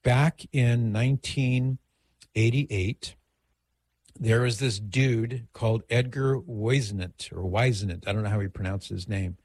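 A man's voice: mid-range voice, steady tone, a little slow, darkish tone, no room sound. A middle-aged man hosting a radio call-in show, giving advice in a conversational, digressive way.

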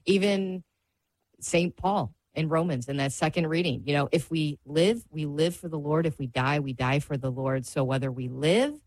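A woman's voice: low-pitched, moderate pace, a little mellow, dry recording. A woman co-hosting a faith radio talk show, earnest and reflective. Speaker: radio co-host.

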